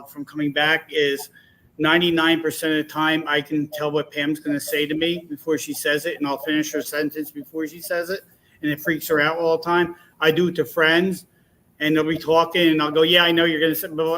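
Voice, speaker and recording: A man telling a personal story as a guest on a casual online talk show, rambling and animated, with many restarts. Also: fairly high pitch.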